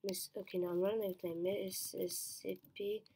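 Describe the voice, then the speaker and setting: A woman's voice: mid-range voice, flat delivery, moderate pace, warm tone, a little hiss or hum. A woman thinking aloud as she plays a timed quiz, muttering to herself, trailing off, restarting answers and slipping into whispers. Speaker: quiz player.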